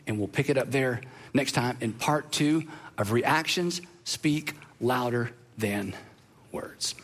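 Middle-aged male pastor, high and bright, chatty self-deprecating sermon delivery. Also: very animated, measured pace. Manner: conversational, self-deprecating storytelling.

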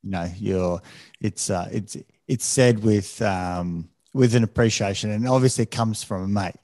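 A man's voice: fairly low pitch, moderate pace, a little mellow, no echo, clean studio sound. A man hosting a podcast, reflective and thoughtful, often restarting and hesitating as he talks things through. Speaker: podcast host. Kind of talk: reflective conversational interviewing.

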